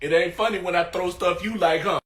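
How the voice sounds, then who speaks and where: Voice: medium pitch, fairly even intonation, brisk, noisy background, natural voice. A voice actor doing a whiny little short-legged pet. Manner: whiny slangy pleading, indignant. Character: small short-legged pet begging to be picked up, male. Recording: voice-over with music behind.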